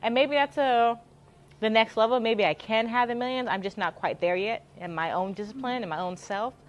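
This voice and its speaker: A woman's voice: on the high side, normal speed. A young woman from the Houston area telling a story in casual chat, upbeat and chatty, laughing often and repeating herself. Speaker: interviewee in a live stream.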